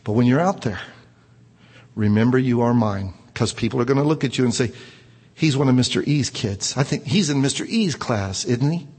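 Guy putting on a low steady schoolteacher voice, calm and caring, kinda husky, long echo. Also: normal speed. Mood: warm, steady.

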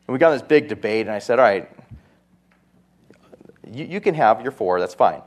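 A pastor preaching a sermon in a conversational way, with asides and quoted voices. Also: male voice, on the low side, animated, brisk, pauses often.

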